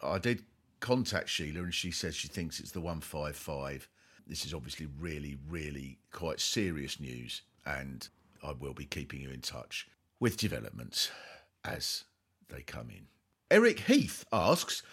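Male comedian host, bright and animated, dry mock-serious delivery. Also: a bass voice, a little slow, husky. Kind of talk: comic podcast monologue.

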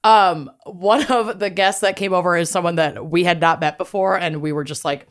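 A woman co-hosting a podcast, telling stories in animated casual chat and swearing casually. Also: on the low side, moderate pace. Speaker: podcast co-host.

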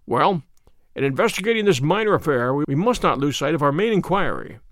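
A man reading aloud, voicing a sharp, commanding detective with a crisp, authoritative manner. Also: fairly high pitch, sing-song, fairly quick.

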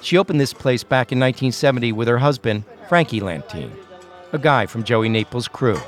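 A man hosting and narrating a true-crime podcast in a measured, scripted storytelling delivery. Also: medium pitch, animated, faint music behind.

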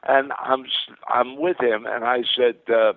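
An older man spins long anecdotes as an interview guest, his gravelly voice tumbling through restarts and repeated words. The sound is dry and thin, like a phone line. He talks at a middling pitch, carried along by excitement. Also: measured pace, no room sound. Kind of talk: rambling anecdotal storytelling.

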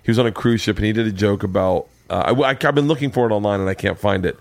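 A man hosting a podcast in casual chat, an animated storyteller who laughs often, on a podcast mic in a home studio room. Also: fairly low pitch, rapid-fire, vocal fry, no room sound. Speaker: podcast host.

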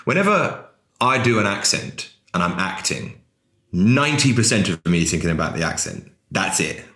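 Deep-voiced English man in an echoey room. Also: normal speed. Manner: animated storyteller, swears, self-deprecating. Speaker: actor, interview guest. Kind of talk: casual conversation. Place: home, indoors.

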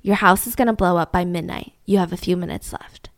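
A woman putting on a sinister male caller who threatens in a low, hushed murmur. The delivery is quiet, slow and menacing, recorded dry and close. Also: steady tone, no echo, close to an everyday voice.

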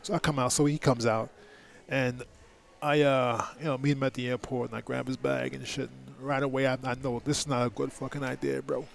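A middle-aged former heavyweight boxing champion, appearing as a podcast guest, tells a personal story candidly, emphatic, profane, and full of fillers. His creaky, medium-pitched voice moves little in pitch and runs a little fast.

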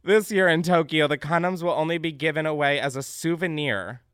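A man hosting a comedic podcast, reacting loudly to what he reads, swearing freely and laughing often. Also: on the high side, a little fast, clean tone, no echo, studio quality. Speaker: podcast host.

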